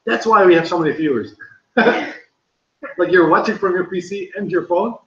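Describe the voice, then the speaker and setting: A young man with a Dutch accent, chatting casually and laughing as he hosts a livestream and reads the chat aloud. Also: moderate pace. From Netherlands. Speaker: vlogger hosting a livestream. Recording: echoey room, dull low-fi sound.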